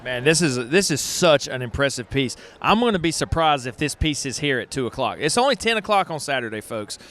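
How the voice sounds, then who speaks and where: A man hosting an unscripted festival walkthrough, excitable and folksy, talking straight to viewers on a handheld mic. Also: medium pitch, fairly quick. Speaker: host walking a pottery festival. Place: outdoor festival grounds. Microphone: handheld microphone.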